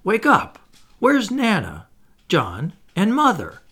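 A man's voice: on the high side, huge pitch swings, normal speed, vocal fry, sharp tone, husky, full character voice. A man doing a small pleading boy. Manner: plaintive, pleading.

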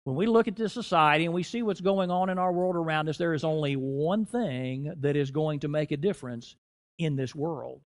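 A middle-aged man preaching a sermon in a church, rising and dropping in loudness and slowing down to stress key phrases. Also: a little high. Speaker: guest preacher.

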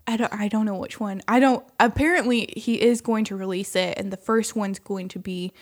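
A woman's voice: medium pitch, fairly quick. A woman chatting casually, telling stories with lots of laughter and acted-out quotes. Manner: animated storyteller, laughs often, acts out quotes. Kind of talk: casual chat.

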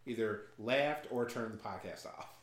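A man's voice: lowish voice, normal speed. A man hosting a podcast in casual banter, joking and laughing often. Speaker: podcast host. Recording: roomy echo, faint noise.

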